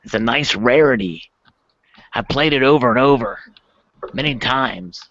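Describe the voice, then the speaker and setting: A man's voice: medium pitch, animated, measured pace, fairly bright tone, dry recording. A man from the Washington DC area hosting a casual live hangout, upbeat and reading the chat aloud. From greater Washington DC area. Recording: dull lo-fi online call audio.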